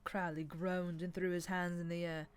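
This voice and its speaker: A woman calmly reading a novel aloud in a relaxed stream, with small slips. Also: fairly low pitch, normal speed, smooth. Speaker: reader. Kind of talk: audiobook reading.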